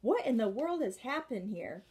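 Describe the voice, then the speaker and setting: A woman's voice: a little high, big pitch swings, a little mellow, slightly rough, exaggerated voice. A woman reading aloud and voicing a fussy, overbearing society lady who talks in a sugary, prim way. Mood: gushing. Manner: sugary and prim, drawn-out endearments.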